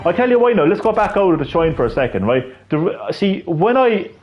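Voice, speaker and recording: A man's voice: sits high, sing-song, a little fast, highs cut off, faint music behind. A man live-streaming a video game, with rambling, profane, ranting commentary.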